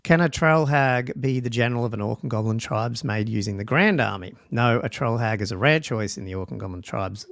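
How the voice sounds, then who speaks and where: A man's voice: mid-range voice, fairly quick, vocal fry, few pauses, fairly bright tone, dry recording, studio quality. A man hosting a livestream podcast, reading out rules and thinking aloud in a loose, casual way with ums and restarts. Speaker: podcast host.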